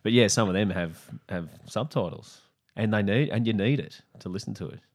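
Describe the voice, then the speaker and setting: A middle-aged Australian man with a very low, deep voice chats as a podcast guest. He tells stories in a dry, wry way and drops the odd swear word without any fuss. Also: brisk. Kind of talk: casual chat.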